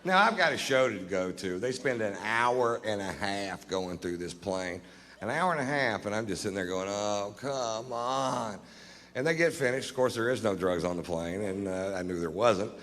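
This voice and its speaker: A man's voice: fairly low pitch, animated, normal speed, a bit bright. A middle-aged man doing profane stand-up storytelling on a live stage, laughing at his own lines. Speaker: stand-up comedian. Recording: reverberant live stage with faint background noise.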